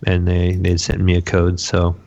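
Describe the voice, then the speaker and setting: A man with a very low, deep voice chats casually on a podcast, rambling along and repeating his words. The audio is a little muffled and lo-fi. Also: completely flat delivery, moderate pace, creaky, darkish tone. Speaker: podcast co-host. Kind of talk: casual chat about video games.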